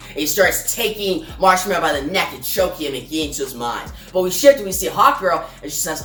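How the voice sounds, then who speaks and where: A low-pitched woman recapping a comic, chatty and loose, breaking off for quick asides. Her voice sounds distant in a roomy space, with faint music underneath. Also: a bit bright. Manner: chatty, reads dialogue aloud with quick asides. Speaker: comic book reviewer. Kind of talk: casual retelling of a comic issue.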